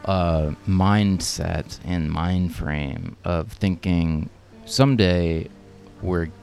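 A man co-hosting a casual podcast, musing slowly and drawing out his thoughts. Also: low voice, steady tone, vocal fry, darkish tone. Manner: slow, drawn-out musing. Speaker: podcast co-host.

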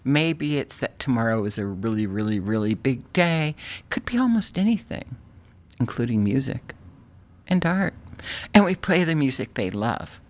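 A woman's voice: very deep voice, very animated, moderate pace, darkish tone. A woman hosting a radio show in a silly, playful way, laughing often between lines.

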